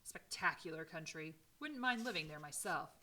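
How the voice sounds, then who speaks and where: A woman voicing an energetic man of about seventy who owns a small-town newspaper, with a high-pitched voice and a folksy, blunt manner. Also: normal speed, slight background noise. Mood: hearty.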